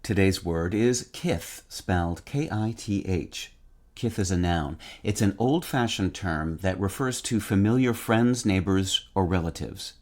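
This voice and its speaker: A man with a very low voice reads a short dictionary script. His delivery is measured and precise, and he spells out each word letter by letter. He sounds middle-aged and steady. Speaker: word-of-the-day host. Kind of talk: scripted dictionary podcast reading.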